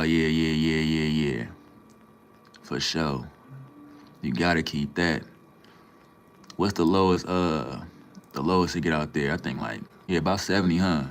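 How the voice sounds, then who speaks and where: Very deep-voiced laid-back man. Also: slight background noise. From Minnesota, USA. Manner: laid-back, slangy, greets chatters by name. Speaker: livestream host. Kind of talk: casual livestream chat with viewers.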